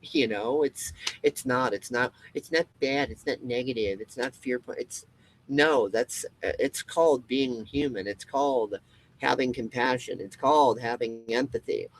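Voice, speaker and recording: A man's voice: mid-range voice, measured pace, rough recording. A man in a profane ranting monologue. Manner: profane, emphatic, repetitive ranting with frequent restarts. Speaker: comedy web show host. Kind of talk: impassioned solo rant to camera.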